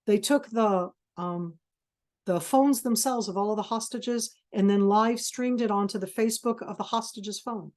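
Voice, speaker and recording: A woman's voice: mid-range voice, normal speed, darkish tone. A woman giving a passionate webinar talk, intense and emphatic, stopping and restarting as she searches for words. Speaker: webinar speaker. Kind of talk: passionate lecture. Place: video call.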